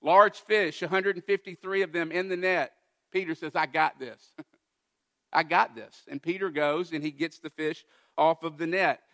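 A man preaching a sermon, retelling a Bible passage with lively, emphatic quoted dialogue. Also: a little high, moderate pace. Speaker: pastor.

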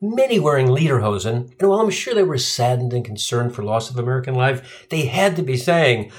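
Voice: medium pitch, very animated, fairly quick, few pauses. A comedian telling a profane, sardonic stand-up story. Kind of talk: stand-up routine.

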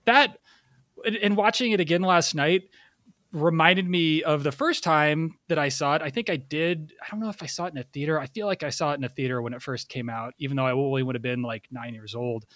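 Wry podcast man, slightly higher voice, dry close recording. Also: fairly bright tone, no echo. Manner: wry, drawn-out storytelling. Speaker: podcast co-host. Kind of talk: casual chat.

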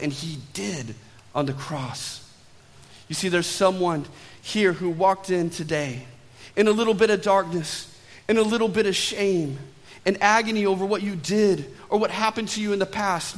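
A male pastor delivers a sermon in a bright, high voice. He swings between emphatic pushes and soft, low drops on key lines. A long reverb hangs behind every phrase, as in a large church sanctuary.

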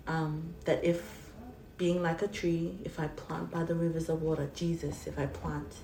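A woman guest giving an earnest, halting faith testimony in an interview. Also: deep voice, little pitch movement, gravelly, mellow. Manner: earnest, halting, tearful at times. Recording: roomy, distant, faint hiss.

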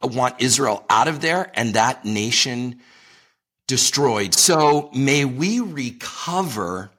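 Husky, earnest man preaching in conversation. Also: mid-range voice, lively intonation, takes it slowly, fairly bright tone. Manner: earnest, emphatic, leans on scripture. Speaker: ministry leader, interview guest.

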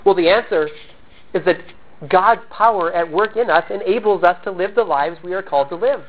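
Speaking at a moderate pace, this pastor has a high-sitting voice, with a little hiss or hum in the background. His sermon is earnest and forceful, sprinkled with humorous digs at himself, and he's still recovering from a cough. The sound quality is thin and phone-like.

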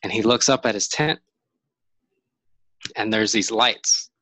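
Low-voiced man telling a story. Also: takes it slowly, sharp tone, no echo, low-quality recording. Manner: rambling, many fillers and restarts. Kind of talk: casual storytelling.

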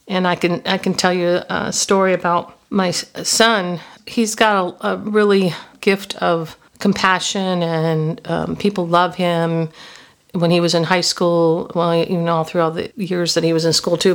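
A woman in her fifties, hosting a podcast and telling personal stories as reflective Christian teaching. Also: on the low side. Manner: storytelling, personal and confessional. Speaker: podcast host.

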